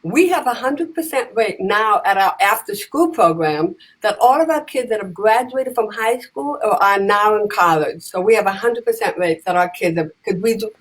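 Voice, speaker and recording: A woman telling lively stories in casual conversation, acting out the voices of the people in them. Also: medium pitch, moderate pace, hardly any pauses, rough recording. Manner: animated, acts out voices in her stories. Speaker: guest, comedian and advocate. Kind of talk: conversational storytelling.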